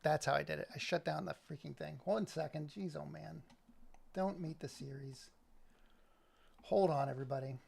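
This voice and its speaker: A man chatting loosely to his live stream audience, his voice gravelly with a touch of fry. He sits a little high in pitch for a man and drifts from point to point with jokey asides to viewers. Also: normal speed, darkish tone. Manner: rambling, talks to chat, jokey asides. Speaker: livestream host. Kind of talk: casual live stream chat.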